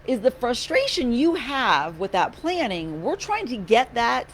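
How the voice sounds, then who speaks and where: A woman's voice: a little high, measured pace. A woman talks in a loose, chatty way, restarting her sentences and letting a wry, sarcastic edge slip through. She is a county commissioner holding office hours from her office. A faint hum of noise sits under her voice. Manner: chatty, animated, a little sarcastic, frequent restarts. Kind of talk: casual chat.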